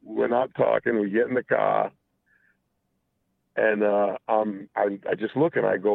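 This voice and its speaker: Male caller, low and gravelly, on a thin phone line; halting, profane storyteller. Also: steady tone, no echo. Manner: halting, full of restarts and profanity. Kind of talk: casual confessional storytelling.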